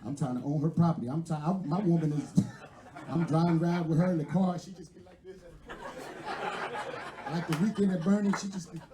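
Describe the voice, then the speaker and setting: Brash Philadelphia comic in echoey room. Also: male voice, a little high, fairly even intonation, brisk, pauses often. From West Philadelphia. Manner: loose, brash, profane storytelling with crowd work. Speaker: stand-up comedian. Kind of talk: stand-up comedy set. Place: live comedy venue.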